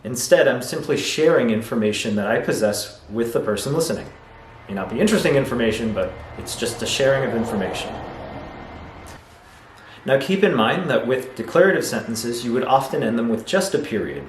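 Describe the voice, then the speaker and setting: A man's voice: mid-range voice, animated, a little fast. Patient male grammar teacher, roomy sound. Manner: patient, explanatory, acts out example sentences. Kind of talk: video lesson. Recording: roomy echo, faint noise.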